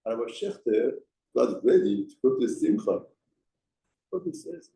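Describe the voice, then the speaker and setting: A man's voice: mid-range voice, expressive, normal speed, vocal fry, long pauses, mellow, roomy sound, rough recording. A man giving a mussar lesson as a rabbi, speaking emphatically and asking rhetorical questions. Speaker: rabbi teaching a Torah class. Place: study hall.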